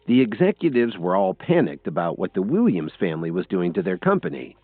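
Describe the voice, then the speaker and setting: Deep voiced guy reading an audiobook, really animated, lo-fi phone-ish sound, faint music. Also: fairly quick, slightly rough, no room sound. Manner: lively, expressive storytelling. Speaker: narrator. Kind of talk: scripted audiobook narration.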